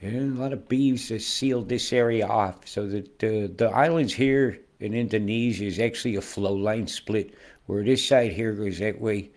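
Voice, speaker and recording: A man's voice: lowish voice, moderate pace, a little mellow. A man with a rambling, conspiratorial and profane manner, pointing out things on a screen as a weather vlogger.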